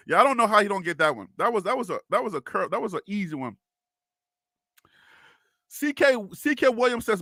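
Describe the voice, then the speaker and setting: A high-pitched man hosts a casual live sports stream with a bright, forceful edge to his voice. He talks straight to the chat in a lively way, laughing often and repeating himself. The sound is close and dry. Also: a little fast, long pauses, no echo. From North Carolina, US South.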